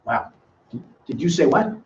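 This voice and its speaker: A man's voice: on the high side, animated, unhurried, a little mellow, a little hiss or hum. An older man teaching a live money seminar, quizzing audience members by name with a teasing manner. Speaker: financial educator. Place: seminar room with small audience. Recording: roomy, distant, dull lo-fi sound.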